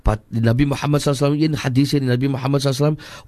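Cape Town man, radio advice scholar, earnest and repetitive, middle pitch, dry studio mic. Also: fairly even intonation, rapid-fire, darkish tone, dry recording. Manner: earnest, repetitive, switches into Afrikaans. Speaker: radio guest scholar answering listener questions.

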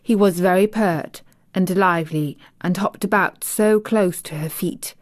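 A woman narrates a classic children's story in a soft, gentle voice at a very unhurried pace. Some passages drop to a near-whisper. The sound is close and dry, with no room echo. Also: on the low side. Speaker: audiobook narrator.

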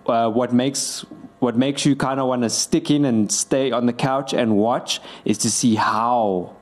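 Halting man talking about films, mid pitch. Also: fairly even intonation. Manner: halting, trails off and restarts. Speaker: film review co-host. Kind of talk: casual film review chat.

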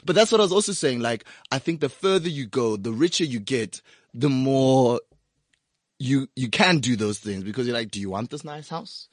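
A man's voice: medium pitch, animated, moderate pace, dry recording, clean studio sound. A man co-hosting a radio talk show, bantering casually and laughing a lot. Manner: laughs a lot, loose and joking. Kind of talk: casual banter and freestyle rap.

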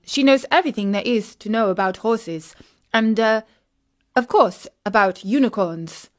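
A woman's voice: a little high, a little slow, lightly acted. A woman voicing a bold schoolgirl posing as a Russian heiress, in a fake Russian accent. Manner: bold, theatrical.

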